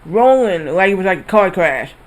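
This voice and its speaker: A man with a high voice streams a video game, telling a rambling, animated story laced with casual swearing. He talks at a normal speed, and the audio quality is poor.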